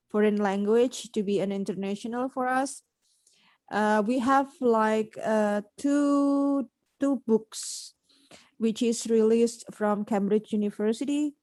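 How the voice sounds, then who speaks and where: A woman's voice: medium pitch, darkish tone, dry recording. A woman with an Indonesian accent, an English teacher in a casual podcast conversation, talking thoughtfully and searching for words.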